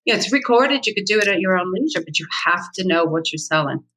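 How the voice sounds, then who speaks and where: Blunt, bright-voiced middle-aged woman. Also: medium pitch, animated, fast talker, rough recording. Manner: blunt, emphatic, repeats key points. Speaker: real estate agent, guest. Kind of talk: candid interview talk.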